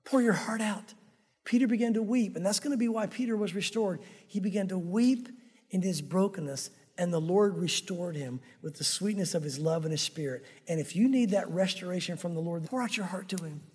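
Husky-voiced, emphatic male preacher. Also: high-pitched, fairly quick, a little mellow. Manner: emphatic and conversational, addressing the crowd as guys. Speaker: pastor. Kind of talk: sermon. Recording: long hall reverb.

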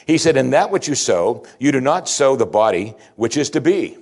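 Male preacher, mid-pitched voice, lively delivery, plain-spoken sermon style. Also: normal speed. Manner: animated, swings from loud emphatic to low and quiet, rhetorical questions.

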